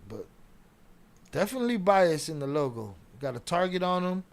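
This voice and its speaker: Man, casual commentary, slangy, profane, slightly high pitch. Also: sing-song, normal speed. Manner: loose slangy talk with profanity. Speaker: commentary streamer.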